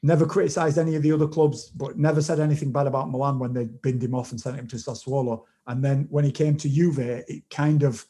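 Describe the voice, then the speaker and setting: A man co-hosting a casual podcast, speaking over a video call in a knowledgeable, measured way with frequent restarts. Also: mid-range voice, steady tone, dark tone. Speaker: podcast co-host and football analyst. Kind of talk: casual chat, detailed analysis.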